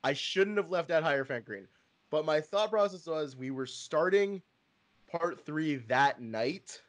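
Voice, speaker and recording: A man's voice: fairly high pitch, animated, measured pace. A young man talks in a loose, podcast-style chat with his co-host. His voice rises and falls a lot. He laughs often and swears casually. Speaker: channel co-host.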